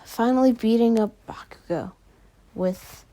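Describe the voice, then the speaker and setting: A woman voicing an eager young hero-student boy in a homemade fan story, with excited, breathy half-whispers. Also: on the high side, measured pace, lightly acted.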